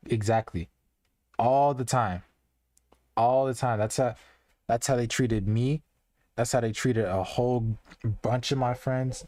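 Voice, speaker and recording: A young man talks to his stream chat in a relaxed, earnest ramble, often restarting his sentences and filling gaps with "like". His voice sits at a middle pitch. The recording is dry and close, with almost no room sound. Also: measured pace, pauses often, no room sound. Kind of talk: casual live-stream commentary.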